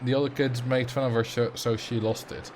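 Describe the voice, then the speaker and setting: Dutch-accented male streamer, loose rambling chat, mid pitch. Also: level tone, fairly quick, a little mellow, slight background noise. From Netherlands. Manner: chatty, rambling, reacts to chat with fillers. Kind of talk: casual livestream chat.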